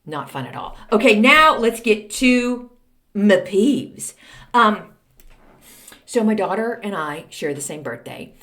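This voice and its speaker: This is a middle-aged woman, hosting her own advice podcast in a casual monologue. She talks in a snarky, emphatic way and often says a line twice to drive the point home. Her voice sits at a mid pitch. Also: big pitch swings, slow, fairly bright tone. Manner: snarky, emphatic, repeats lines for effect. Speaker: podcast host giving advice.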